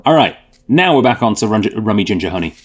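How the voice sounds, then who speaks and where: A man with a fairly low voice hosts a relaxed whisky tasting. He talks casually and thinks out loud, with plenty of fillers and self-corrections. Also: fast, breathy edge. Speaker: host.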